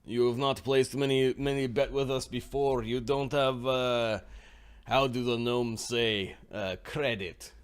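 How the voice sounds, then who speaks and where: A man's voice: mid-range voice, fairly even intonation, a little slow, clear, resonant tone, close to an everyday voice. A man voicing a shrewd, menacing male bookie with a put-on Russian-style accent and broken grammar.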